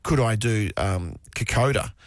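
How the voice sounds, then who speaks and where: A man's voice: lowish voice, lively intonation, unhurried, no room sound, clean studio sound. A middle-aged man co-hosting a casual chat, easygoing and agreeable. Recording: faint background noise.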